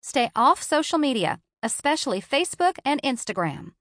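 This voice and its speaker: A woman voicing an upbeat female best friend, speaking in a higher, louder, emphatic tone in an audiobook. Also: big pitch swings, moderate pace, no echo, studio quality. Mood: encouraging. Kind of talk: audiobook character voice.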